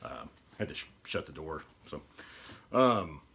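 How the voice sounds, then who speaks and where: A deep-voiced man, talking to camera as a podcast host. He rambles in an easygoing, unpolished way. His low, heavy voice carries the whole casual chat. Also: sing-song, unhurried, gravelly, pushed and bright, husky. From East Texas. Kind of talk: casual solo video podcast talk.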